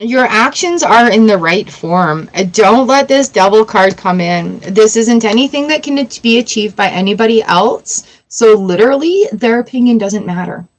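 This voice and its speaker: Chatty high-voiced woman in her forties. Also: expressive, normal speed, few pauses, low-quality recording. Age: 40s. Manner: chatty, emotional, laughs often. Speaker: tarot reader. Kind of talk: casual livestream chat.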